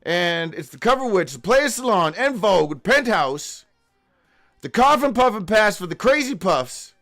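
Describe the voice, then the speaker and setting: A high-pitched man carries a daily live show alone, skipping from one odd phrase to the next with a lot of swearing. He stumbles over his own handwritten notes and now and then breaks into a loud whoop. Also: very animated, a little slow, soft background music. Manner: profane, free-associating, with sudden whoops. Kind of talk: rambling live monologue.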